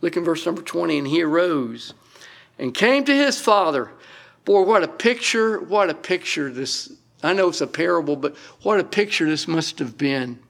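A middle-aged man preaching from the pulpit, his voice gravelly and pitched a little high. He works through scripture with emphasis, breaking off for folksy asides to the congregation. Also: sing-song, normal speed, fairly bright tone. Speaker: pastor. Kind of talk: sermon.

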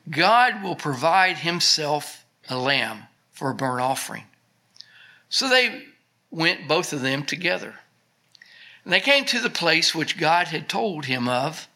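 A man preaching a sermon, reading scripture aloud with slow emphasis and then explaining it in a casual, conversational way. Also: on the high side, pushed and bright.

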